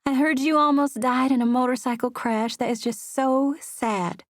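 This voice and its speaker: A woman's voice: sits high, steady tone, moderate pace, no room sound, clean studio sound, pitched above the performer's own voice. A woman voicing a flirty, newly divorced woman with a cooing Southern drawl.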